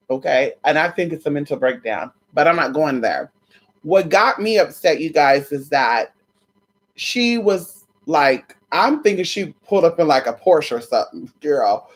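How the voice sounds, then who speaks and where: A woman telling a story in a casual vlog, sassy and animated, with heavy swearing. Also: lowish voice. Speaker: vlogger.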